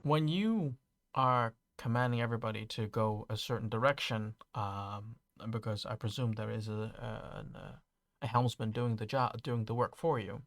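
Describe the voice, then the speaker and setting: A man runs a tabletop game, describing the scene in a halting way full of fillers and self-corrections. His voice has a gravelly, fry-tinged edge. It sounds close and dry, with no room around it. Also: medium pitch, dry recording. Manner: halting, many fillers and restarts. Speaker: game master.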